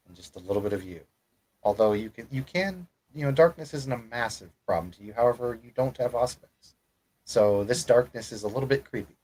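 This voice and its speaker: A man narrating as game master in a tabletop role-playing game, measured and storytelling. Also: on the low side, rough recording.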